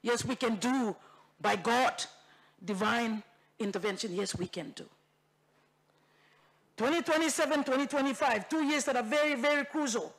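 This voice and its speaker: With a voice on the high side, this woman speaks at a moderate pace and pauses often. A parliamentarian from Bougainville with a Papua New Guinean accent, she delivers a fiery, repetitive speech to rally the chamber.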